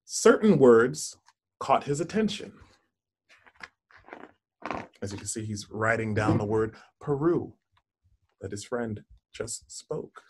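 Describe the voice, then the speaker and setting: A man's voice: mid-range voice, animated, slow pace, long pauses, noisy background. A man reading a children's picture book aloud, stopping to ask questions, point out the pictures and savour single words. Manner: warm, encouraging, asks listeners questions and points at pictures; lingers playfully on single words. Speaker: storybook reader for children.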